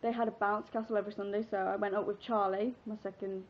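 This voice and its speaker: A woman's voice: medium pitch, little pitch movement, quick pace. A sixteen-year-old girl from England telling a personal story in a casual, chatty, giggly vlog, rambling with fillers. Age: teens. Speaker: vlogger. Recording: dull lo-fi webcam audio.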